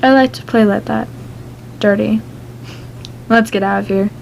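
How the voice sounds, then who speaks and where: A woman's voice: mid-range voice, steady tone, measured pace, vocal fry, darkish tone, slight background noise, poor audio. A woman voicing a cocky, playful masked young man who speaks in a teasing, matter-of-fact way.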